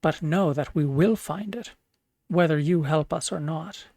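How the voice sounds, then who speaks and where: Grand old wizard, slow and stately, dry sound, streamer-voiced. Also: mid-range voice, darkish tone, no echo. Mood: calm. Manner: grave, stately. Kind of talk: reading game dialogue aloud.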